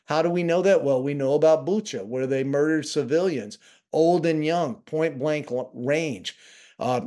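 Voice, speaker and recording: A man's voice: a little high, a little mellow. Male travel vlogger, home office, casual and sarcastic, indignant. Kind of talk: casual to-camera commentary.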